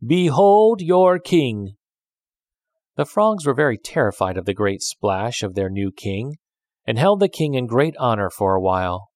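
Expressive male storybook narrator. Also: fairly low pitch, normal speed, no echo, clean studio sound. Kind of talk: storybook read-aloud.

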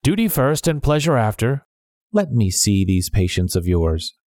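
A man voicing a brisk, stern male doctor in a storybook reading, raising his voice for the part. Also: medium pitch, sing-song, a little mellow, dry recording, studio quality. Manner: brisk, clipped.

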